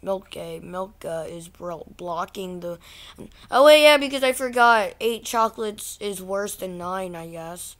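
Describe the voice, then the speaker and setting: A woman hosting a casual vlog, reacting to things online in a ranting, exasperated way. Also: mid-range voice. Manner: ranting, easily exasperated, slow-talking. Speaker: channel host.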